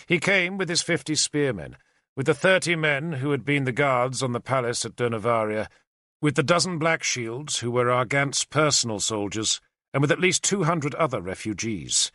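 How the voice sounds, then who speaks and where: Bright, lively male audiobook narrator. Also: mid-range voice, moderate pace, no room sound, clean studio sound. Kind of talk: first-person audiobook narration.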